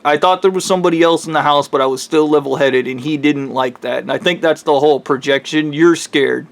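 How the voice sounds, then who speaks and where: A man telling a true spooky story in a casual, rambling way, swearing and correcting himself as he goes. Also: on the high side.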